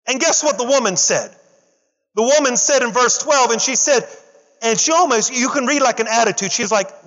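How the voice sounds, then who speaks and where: A male pastor preaching an animated sermon, acting out the story's characters in casual slang and calling on the congregation to respond. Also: extremely high pitch, moderate pace, long reverb tail, highs cut off. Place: church.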